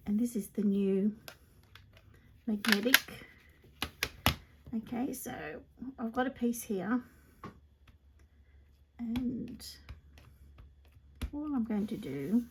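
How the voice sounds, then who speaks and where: A woman talks through a card-making demonstration at an easy, unhurried pace, her voice rather high with a gravelly edge. She thinks aloud as she works and often sinks into soft half-whispered asides. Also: slight background noise. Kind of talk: casual crafting tutorial. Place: indoors at a craft table.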